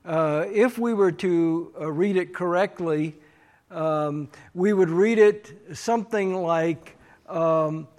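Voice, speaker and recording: Pastor, male, high voice, unhurried, hesitant delivery full of fillers. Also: darkish tone. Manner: slow, halting, many fillers. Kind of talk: sermon recap.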